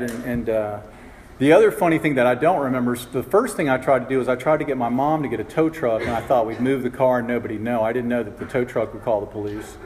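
A man's voice: medium pitch, quick pace, a little mellow, a little hiss or hum. A man in his fifties telling his own recovery story to a group, rambling and self-mocking, with lots of "you know" fillers. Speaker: speaker sharing his story. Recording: reverberant hall with faint ambience.

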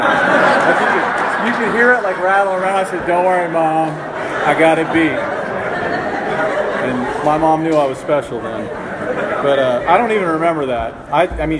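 A man in his fifties tells a group his own recovery story, rambling and self-mocking and leaning on lots of "you know" fillers. His voice is mid-range, with heavy background noise. The hall is reverberant, carrying a faint ambience.

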